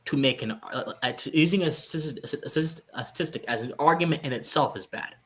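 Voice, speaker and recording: A man's voice: a little high, fast, fairly bright tone. A man co-hosting a podcast, giving lecturing philosophical commentary with searching restarts and sudden emphatic jumps. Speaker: podcast co-host.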